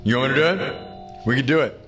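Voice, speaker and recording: A man's voice: mid-range voice, fast talker, fairly bright tone. A man hosting a live music stream, chatting casually with viewers in an upbeat, rambling way, thinking aloud and restarting his sentences. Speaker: livestream musician host.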